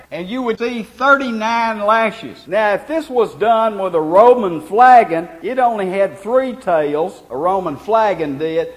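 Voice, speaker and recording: A man, pitched high, delivering a fervent radio sermon. He reads scripture slowly and solemnly, then presses his points in loud, emphatic bursts. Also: low-quality recording. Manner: fervent preaching, rising to loud emphatic peaks; quotes scripture in slow solemn cadence. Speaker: preacher.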